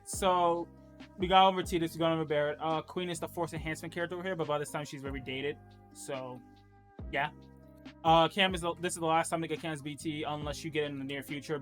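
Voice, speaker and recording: A man's voice: a little high, a bit bright. A man hosting a casual gaming stream, chatty, laughing often and swearing casually. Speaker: stream host.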